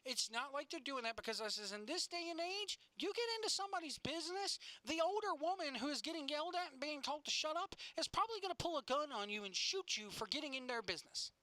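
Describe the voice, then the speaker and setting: Bright, animated swearing woman. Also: sits high, fast talker, hardly any pauses, dry recording. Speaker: podcast co-host. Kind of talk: casual chat.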